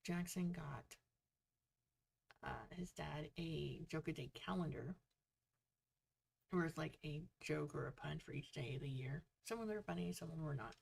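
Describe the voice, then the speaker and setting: A woman's voice: low-pitched, normal speed, vocal fry, pauses often, darkish tone, husky. A woman hosting a casual author livestream, chatty and telling jokes to viewers. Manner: chatty, joke-telling, reads viewer comments aloud.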